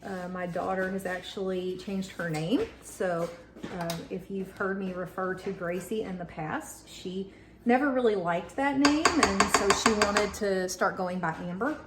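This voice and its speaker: Mom vlogger, thirties, rambling baking chat, echoey kitchen with audible clatter. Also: female voice, mid-range voice, measured pace, background noise. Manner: chatty, many fillers, talks to her son. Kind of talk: casual chat while baking. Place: home kitchen.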